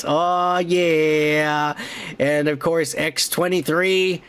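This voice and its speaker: A man hosting a podcast, excitedly recapping a movie in a casual, profane, rambling way. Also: a little high, drawn-out words, smooth. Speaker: podcast host.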